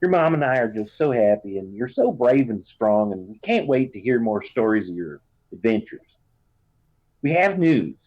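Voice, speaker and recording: A man with a medium-pitched, breathy voice reads a rambling letter home in the character of a fierce but loving farm mother. His Southern American drawl is warm and folksy, and the audio is dull and lo-fi.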